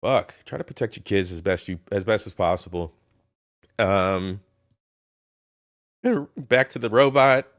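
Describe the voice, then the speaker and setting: A man's voice: sits low, a little slow, pauses often. A man hosting a casual reaction commentary, mocking and profane as he reads through a list. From Ohio. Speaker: commentary host.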